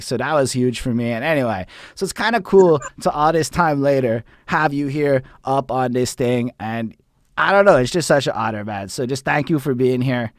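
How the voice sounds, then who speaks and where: A man, hosting a livestreamed interview in an excited, rambling way with plenty of swearing. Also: medium pitch, no room sound, studio quality. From Montreal, Canada. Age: 30s. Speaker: host.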